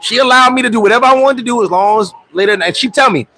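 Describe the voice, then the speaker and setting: A man hosting a casual livestream, telling stories in a profane, animated way, with loud outbursts, and answering viewer comments. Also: very high-pitched, very fast, low-quality recording. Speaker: livestream host.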